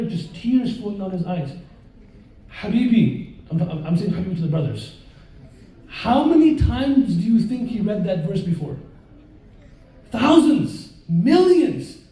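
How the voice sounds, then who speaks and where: A man with a high voice preaches a live sermon in an echoing hall, telling stories with lively energy while questioning and joking with the audience. The sound is very roomy, and his voice sits far from the mic.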